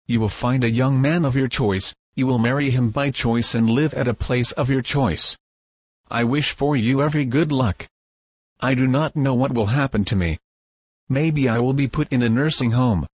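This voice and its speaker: A man reading the part of a grieving, tender old grandfather in a storybook, husky and solemn. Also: medium pitch, normal speed, dry recording, dull audio, natural voice. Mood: reflective.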